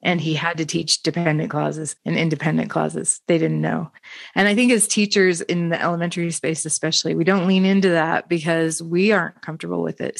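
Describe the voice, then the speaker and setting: A woman's voice: low-pitched, creaky, no room sound, clean studio sound. A woman hosting a panel discussion on teaching, telling classroom stories in an enthusiastic, affirming way. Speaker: podcast host and educator.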